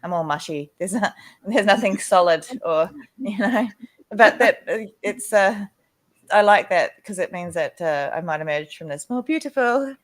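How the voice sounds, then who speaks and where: A woman's voice: fairly low pitch, a little slow. A woman in a recovery meeting, speaking candidly and rambling a little, laughing now and then. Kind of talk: casual recovery group chat.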